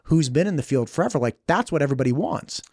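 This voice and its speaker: A man hosting a podcast, chatty and animated, wandering into tangents in casual conversation. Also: a little high, fast, dry recording, studio quality. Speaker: podcast host.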